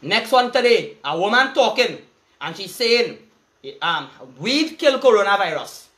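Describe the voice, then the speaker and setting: High-voiced Trinidadian man ranting. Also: sing-song, measured pace, sharp tone, slight background noise. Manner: angry, cursing, threatening, in heavy Creole dialect. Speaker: vlogger. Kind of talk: profane street rant.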